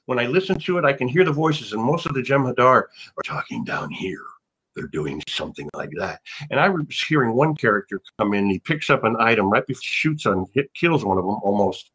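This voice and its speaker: An older man chatting casually as an interview guest. He rambles, trips over his words and restarts, and his voice sits at an ordinary middle pitch. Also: expressive, quick pace, few pauses, a bit bright, husky. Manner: rambling, restarts often, laughs. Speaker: actor guest.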